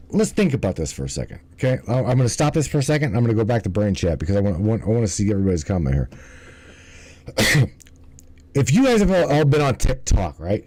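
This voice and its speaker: A man's voice: medium pitch, darkish tone, no room sound, low-quality recording. A man hosting a livestream in casual commentary, rambling and swearing, often stumbling and restarting his words. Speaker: livestream host.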